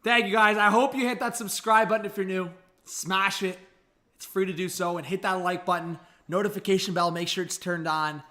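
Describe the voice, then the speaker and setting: Bright, high-voiced hyped hockey streamer. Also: male voice, brisk. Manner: excitable, hyped, addresses the chat directly. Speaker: live-stream hockey commentator. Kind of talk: live reaction commentary.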